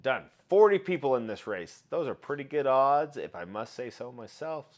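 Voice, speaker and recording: A man's voice: mid-range voice, sing-song, moderate pace. A man hosting a casual live stream, chatting with viewers, greeting them by name and running giveaways. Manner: chatty, reads out viewer names and shouts greetings. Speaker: livestream host.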